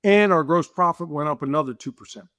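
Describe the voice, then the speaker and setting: A man's voice: fairly high pitch, fast, no room sound. A middle-aged man, a business owner, telling stories in an interview and acting out the dialogue he quotes. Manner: animated, acts out quoted dialogue, repeats himself. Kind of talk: casual interview storytelling.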